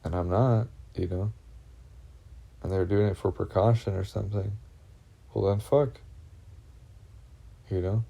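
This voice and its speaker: Brief: man, gravelly low voice, husky edge, anxious rambling vlogger who swears a lot and keeps restarting. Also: dark tone. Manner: halting, full of fillers and restarts, heavy swearing; uneasy, anxious telling. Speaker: vlogger recounting personal experiences. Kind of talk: rambling first-person monologue.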